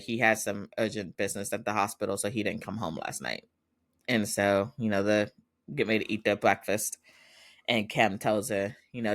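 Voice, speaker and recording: A podcast host, a man, casually recapping a TV drama episode and acting out the characters' lines. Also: on the low side. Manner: animated retelling, acting out quoted lines and laughing often.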